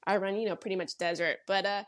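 A bubbly young woman from Los Angeles chats as a podcast guest, her voice sitting at an ordinary middle pitch. She tells her stories in an animated, lively way and laughs often between them. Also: fast talker. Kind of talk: casual conversation.

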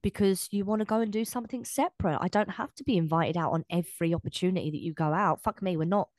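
A woman co-hosting a podcast in casual chat, animated, swearing freely and acting out what people say. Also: fairly low pitch, fast talker, no room sound. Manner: animated, swears, acts out quoted speech. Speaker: podcast co-host.

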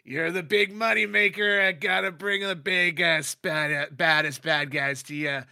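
A man's voice: on the high side, fairly even intonation, moderate pace, vocal fry, bright, forceful tone, no room sound, studio quality, pitched above the performer's own voice, exaggerated voice. A man voicing a pudgy, dwarfish male fight boss who talks down to his fighter. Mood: jovial. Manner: bossy, threatening, condescending.

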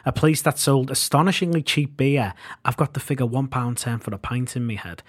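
A man's voice: mid-range voice, brisk, slightly rough. A man, reading his own band memoir in a wry, self-mocking way. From Liverpool, England. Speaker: podcast host and narrator. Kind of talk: scripted memoir narration.

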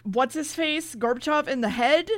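Woman, podcast co-host, casual swearing recap, lively quoted voices, somewhat high pitch. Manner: swearing, animated retelling with quick character voices. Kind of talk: casual chat.

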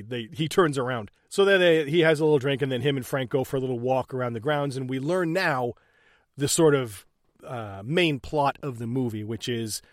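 A man's voice: no room sound, clean studio sound. A man co-hosting a casual movie recap, swearing and joking and putting on silly voices for the characters. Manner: profane, jokey, recaps scenes and acts out characters in high silly voices. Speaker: podcast co-host.

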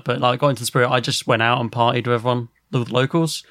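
A man's voice: medium pitch, fast talker. Sweary man telling a story. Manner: swears a lot, animated and rambling. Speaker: podcast host. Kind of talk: casual storytelling.

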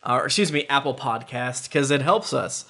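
A man's voice: mid-range voice, expressive, normal speed, bright, forceful tone. A male podcast host bantering jokily and reading listener reviews aloud in casual chat. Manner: jokey, playfully provocative.

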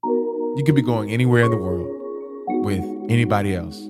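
A male podcast host talking in a relaxed, easygoing way and addressing his listeners directly. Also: on the low side, normal speed, over loud music. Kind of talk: casual podcast chat.

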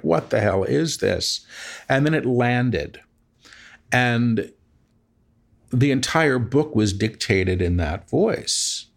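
A man's voice: fairly low pitch, vocal fry. A man being interviewed about his spiritual work, telling stories in a reflective, wry way. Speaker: interview guest, spiritual channeler. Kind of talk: conversational interview.

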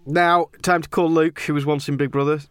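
A man's voice: fairly high pitch, steady tone, a little fast, clean tone, no room sound. A man hosting a podcast, chatting casually and teasing his guest. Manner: teasing, provocative. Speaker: host.

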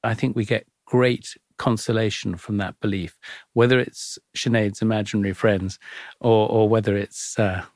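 A man's voice: fairly low pitch, steady tone, moderate pace, a little mellow, no room sound, studio quality. A man giving earnest, explanatory expert commentary on psychology, appreciative in tone.

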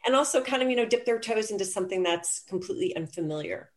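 A woman novelist from Mississippi talking reflectively about her writing, pausing often and searching for words. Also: mid-range voice, lively intonation. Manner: reflective, hesitant, many fillers. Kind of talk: casual conversation about writing.

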